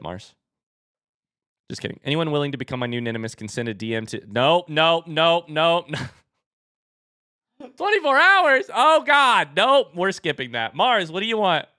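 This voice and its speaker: A young man live-streaming as he opens card packs and chats with viewers, turning excitable and hyping each reveal. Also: no room sound, studio quality. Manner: excitable, bursts into high shouts; hype commentary.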